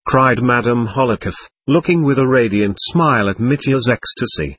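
Husky male audiobook narrator. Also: mid-range voice, moderate pace, hardly any pauses, a bit bright, no echo. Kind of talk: audiobook narration of a classic novel.

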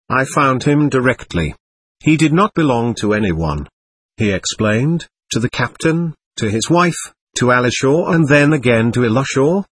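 A man narrating a classic novel as an audiobook, reading in a lively, expressive way and lightly voicing the dialogue. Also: medium pitch, breathy edge, dry recording.

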